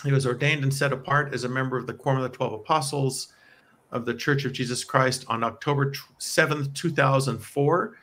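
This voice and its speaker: Bright-voiced chatty American man. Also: medium pitch, steady tone, fairly quick. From United States. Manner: chatty, explanatory, laughs often. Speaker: podcast co-host. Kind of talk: casual chat about church talks. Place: home in Provo, Utah.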